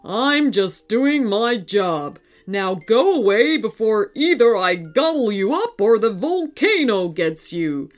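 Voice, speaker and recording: A woman reading a children's story, voicing a lonely, gruff robot dinosaur that speaks slowly and loudly. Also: big pitch swings, faint music behind. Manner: slow, loud, booming.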